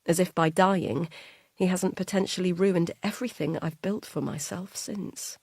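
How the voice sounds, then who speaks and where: A woman narrating an audiobook in the first person, measured and quietly tense. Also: lowish voice, creaky, husky, no echo.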